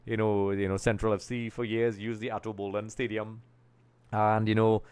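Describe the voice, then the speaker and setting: This young man from Trinidad and Tobago hosts a live football talk stream, his fairly low voice mellow and clean, with little pitch movement and a normal pace. He chats casually and rambles a little, thinking aloud as he pulls things up on screen.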